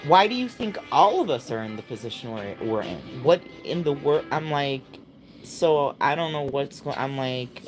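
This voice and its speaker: Woman streamer, low voice, rambling and exasperated, music playing behind. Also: rough recording. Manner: exasperated, rambling, trails off mid-sentence. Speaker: livestream host. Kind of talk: casual livestream chat.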